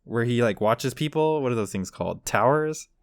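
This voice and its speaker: A man's voice: mid-range voice, animated, normal speed, dry recording, clean studio sound. A man co-hosting a casual podcast, rambling through a story and acting out the quotes. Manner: rambling, acts out quotes with voices. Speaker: podcast co-host. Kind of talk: casual chat.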